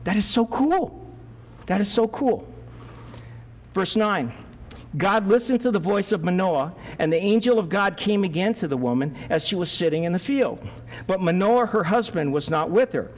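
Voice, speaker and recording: A male pastor preaching a sermon, lively, acting out the voices of Bible figures as he goes. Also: high-pitched, normal speed, in a large hall.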